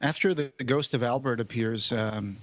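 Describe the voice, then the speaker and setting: A man from the United States hosting a film commentary, relaxed as he points out scenes. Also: medium pitch, moderate pace. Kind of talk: casual commentary chat.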